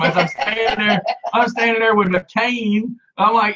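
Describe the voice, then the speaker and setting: A man tells a rowdy story in casual chat, high-pitched and bright-toned. He throws himself into the quoted voices and laughs often. The sound is dull and lo-fi. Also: fairly even intonation, normal speed, few pauses.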